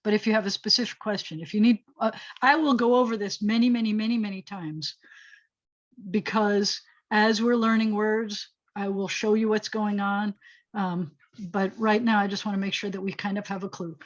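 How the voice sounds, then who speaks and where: A woman's voice: medium pitch, fairly even intonation, normal speed, lo-fi sound. A woman rabbi teaching a Hebrew class online, explaining step by step in a chatty way and thinking aloud as she goes. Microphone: video call.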